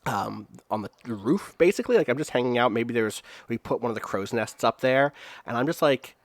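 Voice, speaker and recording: A man's voice: mid-range voice, lively intonation, brisk, no room sound. A man playing a tabletop game in casual chat, rambling with many fillers and restarts as he describes his character's scene.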